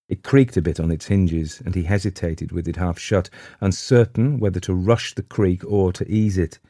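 A man narrates a supernatural story in a measured, steady reading. His voice sits very low, and the recording is dry and close, with no room sound. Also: no echo. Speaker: audiobook narrator. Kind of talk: scripted narration.

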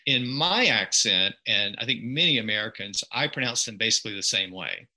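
A man's voice: fairly low pitch, animated, a little fast, sharp tone, poor audio. A man with a Southern US accent, a podcaster and lawyer, explaining things patiently and precisely as an interview guest.

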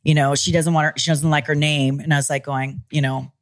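Low-voiced woman telling lively stories. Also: fairly quick. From California. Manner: animated, acts out quoted voices. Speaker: interview guest, former pro wrestler. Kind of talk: casual storytelling interview. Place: studio in Los Angeles.

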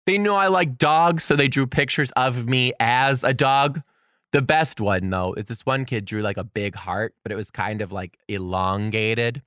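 Bright, lively young man host. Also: normal speed, no room sound, clean studio sound. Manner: animated, jokey, laughs often, squeals into high voices for quotes. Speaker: podcast host and kindergarten teacher. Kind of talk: comedic storytelling.

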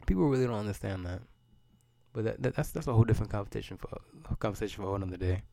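A man's voice: lowish voice, expressive, racing, creaky, warm tone, no echo. A man, hosting a solo podcast and ranting in a loose, profane, rambling way, often repeating words as he goes. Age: 30s. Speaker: podcast host.

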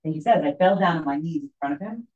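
A woman telling a story to a group, halting and full of fillers and restarts, as a tour guide. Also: low-pitched, lively intonation, warm tone, slightly rough. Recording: dull lo-fi recording.

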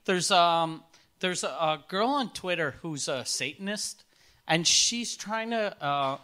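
A man in casual chat, joking and swearing, often pausing on fillers as he builds a bit. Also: high-pitched, lively intonation, bright, forceful tone, clear, resonant tone.

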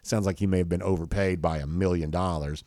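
A man's voice: low-pitched, fairly even intonation, a little fast, dark tone, no room sound, studio quality. A man hosting a daily college football talk show, rambling casually with many fillers and restarts. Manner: rambling, self-correcting, with frequent fillers. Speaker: sports show host.

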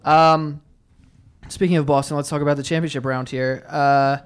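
A man's voice: fairly high pitch, normal speed, clear, resonant tone. A young man co-hosting a casual sports podcast, telling stories loosely with plenty of swearing. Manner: loose, swearing, animated storytelling. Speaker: podcast co-host.

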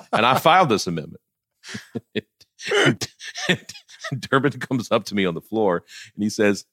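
A man's voice: mid-range voice, huge pitch swings, takes it slowly, pauses often, a bit bright, slightly rough, no room sound, clean studio sound. A middle-aged man talking politics casually, blunt and profane, often laughing as he tells stories. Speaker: political commentator.

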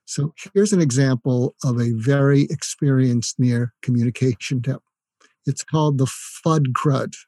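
An older man with a dark, husky voice explains communication tips in an earnest, conversational way. He often drops into short acted examples of what to say. The sound is dry and close. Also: medium pitch, unhurried, dry recording. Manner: earnest, demonstrates phrases in a softer voice. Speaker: guest psychiatrist and coach.

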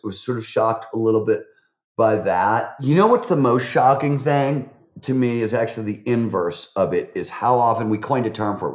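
A man's voice: fairly low pitch, a little mellow. Chatty man telling stories in a roomy recording. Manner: chatty, many fillers and restarts, voice jumps up for quotes. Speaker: podcast guest, author. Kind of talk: animated interview storytelling. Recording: roomy, slightly dull recording.

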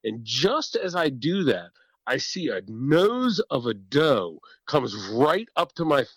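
Animated, profane man telling a story. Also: medium pitch, takes it slowly, no room sound, rough recording. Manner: animated, profane, laughs often. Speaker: podcast guest or host telling a hunting story. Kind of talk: casual storytelling. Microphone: podcast microphone.

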